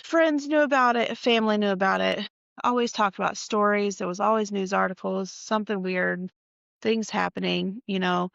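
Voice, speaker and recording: A woman's voice: medium pitch, creaky, a bit bright, no room sound. A tired woman from North Carolina telling a personal spooky story in a casual, profane, emphatic way. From North Carolina, USA. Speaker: storytime vlogger. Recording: dull, dry lo-fi recording.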